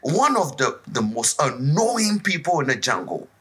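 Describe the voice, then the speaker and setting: A man from West Africa, co-hosting a podcast in casual chat. His voice is husky and bright, and its pitch swings widely as he tells a tale. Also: a little slow. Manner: animated storyteller, acts out voices and sounds. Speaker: podcast co-host.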